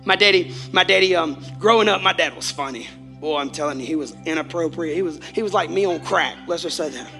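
A man preaching a Sunday sermon as pastor, animated and swinging between shouted lines and quiet asides. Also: a little high, fast, creaky, soft background music.

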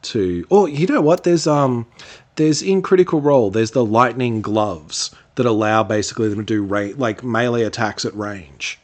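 A man's voice: mid-range voice, normal speed. A man co-hosting a casual podcast, rambling through answers with fillers and restarts. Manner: rambling, lots of fillers and restarts, laughs easily. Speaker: podcast co-host. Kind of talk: casual chat.

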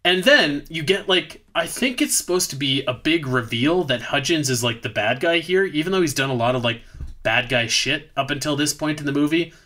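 A man's voice: on the high side, animated, moderate pace, sharp tone. A man co-hosting a podcast, recapping a bad movie in rambling, profane, sarcastic casual chat.

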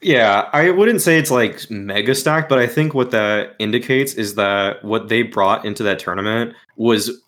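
A man's voice: lowish voice, unhurried, few pauses, fairly bright tone. A man hosting a casual esports talk show, rambling with lots of fillers and restarts. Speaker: podcast host.

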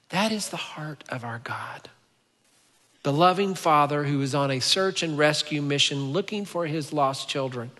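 Bright-voiced man preaching in a reverberant church. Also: fairly high pitch. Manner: storytelling, dropping to hushed tones at emotional moments. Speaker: pastor. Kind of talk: sermon. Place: church sanctuary. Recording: church hall with long reverb.

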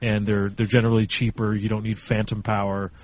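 A man's voice: fairly low pitch, flat delivery, a little fast, dull audio, crowd noise. Hesitant self-deprecating young man. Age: 20s. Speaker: podcast co-host. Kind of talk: casual chat.

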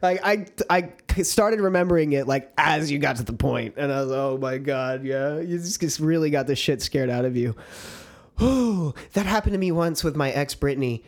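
A young man chats on a casual podcast in a somewhat high voice. He is easygoing and quick to laugh, and his stories are full of casual swearing. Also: expressive. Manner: loose and laid-back, laughs easily, swears often. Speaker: podcast co-host. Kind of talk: casual chat, storytelling.

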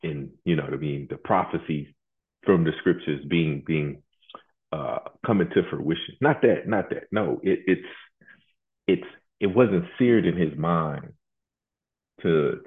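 Deep-voiced preacher guy, stumbles n repeats words, casual talk, sounds like a phone. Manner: halting, repeats words, colloquial. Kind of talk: sermon. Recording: tinny phone-like line.

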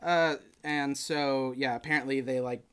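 A man hosting a podcast, chatting casually and retelling a film with lively acted-out quotes. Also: mid-range voice, moderate pace. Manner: animated storytelling, acts out quotes. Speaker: podcast host. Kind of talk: casual chat.

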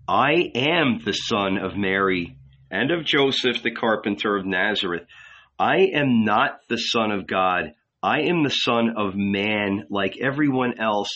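A furious middle-aged man who insists he is Jesus, as an audiobook reader puts him on, pouring out a confession in a hot, rushing torrent. The voice is bright and forceful, and it comes through a dull, lo-fi recording. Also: fairly low pitch, exaggerated voice. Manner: shouting, confessing in a rush.

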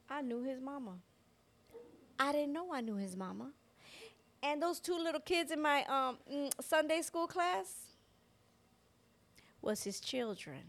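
A woman co-hosting a Christian podcast, telling a personal testimony in a lively way and acting out the voices of the people in her story. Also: high voice, moderate pace, pauses often. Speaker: podcast co-host. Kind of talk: personal faith testimony in casual chat.

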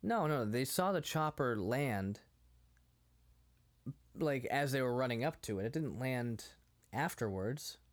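A man's voice: mid-range voice, expressive, a little slow, pauses often. A man in his thirties co-hosting a casual movie chat, rambling, laughing often and acting out quotes. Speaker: podcast co-host.

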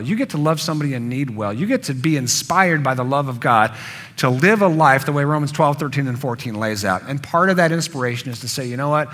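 Earnest male preacher, bright voice. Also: mid-range voice, slight background noise. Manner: earnest, building emphasis with repetition. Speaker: pastor. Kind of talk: sermon.

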